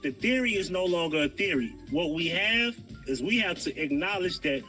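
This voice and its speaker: A man's voice: sits high, lively intonation, normal speed, pushed and bright, faint music behind, rough recording. A man, arguing a theory as a guest on a livestream and insisting on finishing his point. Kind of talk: heated debate on a livestream.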